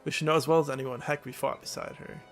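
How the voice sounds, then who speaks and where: A man's voice: on the high side, fairly even intonation, quick pace, faint music behind, lightly acted. A man voicing a friendly old male farmer in a video game, speaking with a rural American country twang in a folksy, easygoing manner. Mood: indignant.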